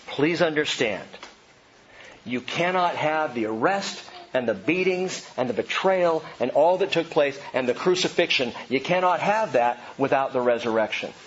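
A man with a somewhat high voice preaches to his congregation in a church. He moves his voice from hushed lows to excited highs and lends voices to the people in his examples. The recording is a little dull, with faint room noise underneath. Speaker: pastor. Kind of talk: sermon.

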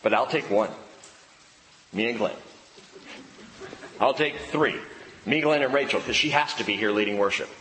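Man, pastor, preaching in a church hall. Animated, drops to hushed emphasis. Roomy reverb, faint ambience. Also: mid-range voice, normal speed, pauses often, a little hiss or hum. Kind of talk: sermon.

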